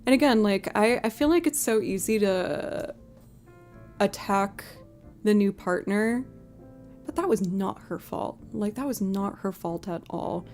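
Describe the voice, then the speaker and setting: A woman in casual livestream chat, telling a story and slipping into the voices of the people in it with big leaps up in pitch. Her voice sits in a middle register, and faint music plays behind her. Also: measured pace. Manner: animated storyteller who acts out quotes with big pitch jumps. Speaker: streaming musician.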